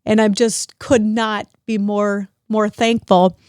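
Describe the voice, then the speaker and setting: A middle-aged woman hosting a podcast, talking warmly and emotionally to her father, grateful and close to tears. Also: medium pitch, level tone, slow, clean tone, no echo. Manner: emotional, grateful, at times tearful. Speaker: podcast host. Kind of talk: heartfelt family conversation.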